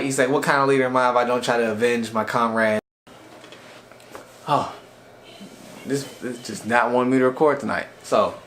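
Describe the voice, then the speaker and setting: A man's voice: mid-range voice, fairly bright tone. A man giving a casual, rambling recap of an anime episode for a review video, with frequent restarts and fillers.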